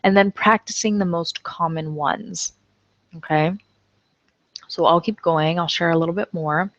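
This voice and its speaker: Speaking a little slowly, a woman with a lowish, fairly even voice teaches English online in a relaxed manner. She reads sample sentences aloud and talks through them, captured in a dull, dry lo-fi recording with no room sound.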